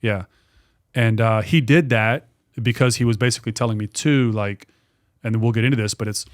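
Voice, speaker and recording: A man in his forties, a guest on a podcast, telling a story in a casual, animated way with lots of restarts and some swearing. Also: on the low side, moderate pace, long pauses. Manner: animated, repetitive, swears freely. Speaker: guest, dog trainer and business owner.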